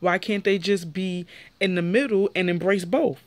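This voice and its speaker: A young woman gives a casual, opinionated recap of a reality TV episode. She talks in a lively way and jumps up in pitch whenever she quotes someone. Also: normal speed, dry recording. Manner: animated, opinionated, jumps pitch when quoting people. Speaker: show reviewer.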